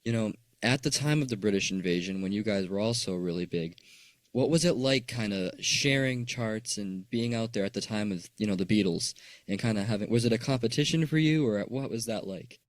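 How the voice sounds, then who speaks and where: Low-voiced young male podcast host. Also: fairly quick, no echo. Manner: friendly, curious questions with fillers. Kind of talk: casual interview.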